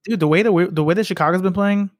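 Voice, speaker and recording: A man's voice: high-pitched, fast, dry recording. A young man co-hosting a podcast, chatting about basketball in a loose, casual way with the odd swear word. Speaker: podcast co-host. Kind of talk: casual sports chat.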